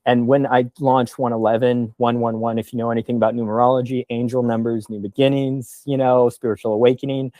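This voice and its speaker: A man's voice: medium pitch, little pitch movement, fairly quick, few pauses, mellow, no echo. A man in his thirties, a podcast guest telling his story in an earnest, emotional, rambling way. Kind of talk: casual podcast conversation.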